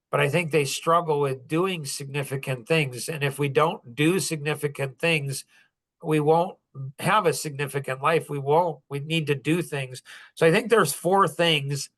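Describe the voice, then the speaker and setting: Sixties male podcast host, earnest and rambling, slightly raised pitch, casual storytelling. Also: fairly bright tone. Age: 60s. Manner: earnest, rambling, heavy use of "like".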